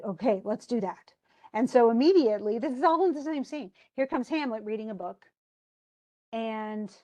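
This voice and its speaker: Woman teacher, casual, paraphrases a play's lines in loose everyday speech, mid-pitched. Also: mellow. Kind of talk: casual lesson, retelling a play.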